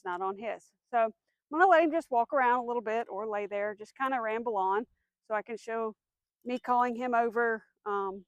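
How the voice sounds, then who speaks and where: A woman with a fairly high voice runs an outdoor dog training lesson. She explains each step plainly and gives commands in a firm tone. The sound is dry and close. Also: dry recording. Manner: clear instructional, firm commands, soft praise to dog.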